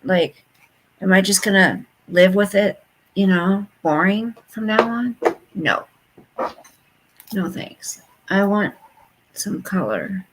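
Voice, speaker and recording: A woman in her fifties talks to her viewers in a loose, gossipy chat, speaking bluntly about whatever comes to mind. Her voice sits at an ordinary pitch with a gravelly, fry-laden edge. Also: animated, slow, long pauses, slight background noise, rough recording. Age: 50s. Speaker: vlogger.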